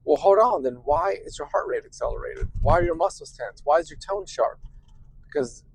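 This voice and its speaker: A middle-aged man, a therapist hosting a show, explaining to listeners in an animated, conversational way, often asking "right?" and acting out quoted voices. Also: fairly high pitch, fairly quick, creaky, slight background noise, rough recording. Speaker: therapist and podcast host.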